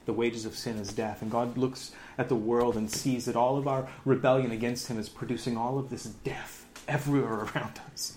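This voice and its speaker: A man in his thirties, a pastor giving a lively sermon, laughing often and dropping into sarcasm. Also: medium pitch, moderate pace, slight background noise.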